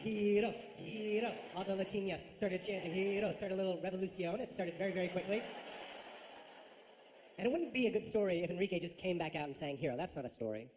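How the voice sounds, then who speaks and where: A woman doing a stand-up comedy set, telling a story with lively acted-out voices. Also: on the low side, quick pace, a little hiss or hum.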